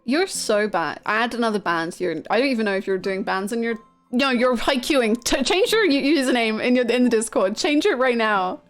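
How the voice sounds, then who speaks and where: Gushing woman streamer, fairly high. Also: lively intonation, normal speed. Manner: chatty and gushing, swears freely, laughs often. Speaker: game streamer. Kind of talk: casual live-stream chat with viewers.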